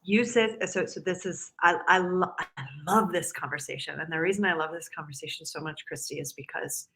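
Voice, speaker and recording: A woman's voice: fairly low pitch, a little fast, fairly bright tone. A woman guest on a podcast, talking animatedly and slipping into silly complaining voices to act out other people. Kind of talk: casual podcast conversation.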